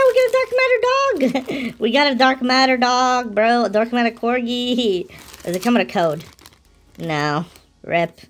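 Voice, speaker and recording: A woman hosting a casual unboxing video, chatty, excitable and slangy, with gasps and giggles. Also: mid-range voice, slight background noise. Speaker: channel host.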